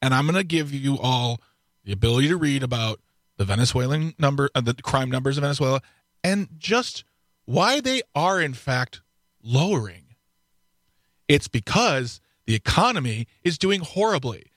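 A man's voice: mid-range voice, very animated, normal speed, fairly bright tone, no echo. Radio co-host guy, blunt takes, dry studio sound. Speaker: radio talk show co-host. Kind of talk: casual talk radio banter. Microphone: studio headphones and mic.

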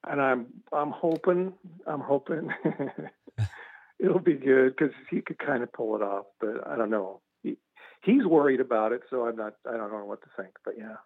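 A man's voice: medium pitch, expressive, normal speed, no room sound. Rambling male guest on a tinny phone line. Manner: rambling, repeats words, laughs at his own stories. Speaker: author guest. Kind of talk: casual radio interview.

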